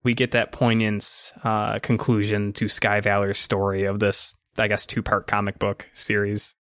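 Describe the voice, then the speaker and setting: A man narrating and running a tabletop role-playing game as game master, in a chatty, relaxed way. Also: lowish voice, measured pace, no room sound, clean studio sound.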